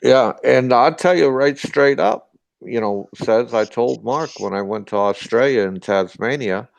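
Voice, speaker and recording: A man's voice: medium pitch, measured pace, gravelly, no echo, muffled recording. Foul-mouthed older Boston man. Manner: profane, boisterous storytelling. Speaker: ex-sailor storyteller. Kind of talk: casual chat.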